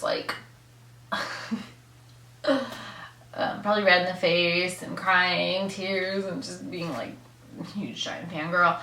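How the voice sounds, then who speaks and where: A young woman vlogger telling an excited story in a casual, gushing way, full of "like" and laughs. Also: medium pitch, a little hiss or hum. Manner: gushing fangirl, lots of "like" and laughs. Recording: echoey room.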